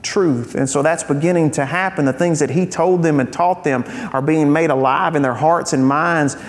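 A man's voice: a little high, moderate pace. A man preaching a sermon as pastor, conversational and earnest, with frequent fillers. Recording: church hall with long reverb.

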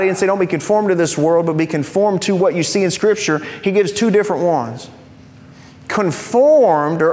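A man with a high voice preaches a sermon, teaching in a conversational way with the odd joking aside. He slows right down to lean on the key phrases. His voice rings out with a long reverb, as if in a large church sanctuary. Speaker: pastor.

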